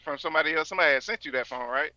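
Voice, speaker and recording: A man's voice: fairly high pitch, racing, muffled recording, a crowd in the background. A man co-hosting a casual podcast, teasing his friend in a playful way. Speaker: podcast co-host.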